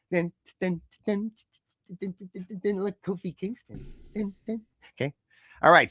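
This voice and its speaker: High-voiced man ranting sarcastically. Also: a bit bright, no room sound, clean studio sound. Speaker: podcast co-host. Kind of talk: casual chat.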